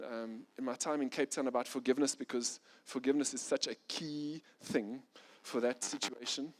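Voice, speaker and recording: Here a middle-aged man preaches with animation, his sermon alternating between loud urgency and quiet softness. He speeds up and gets louder at intense points before falling soft and low.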